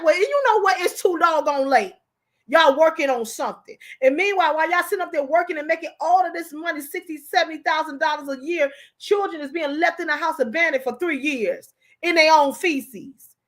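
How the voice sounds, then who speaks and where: Hosting a live commentary stream, a high-voiced woman speaks with fiery, emotional passion. When she gets worked up, she breaks into shouts.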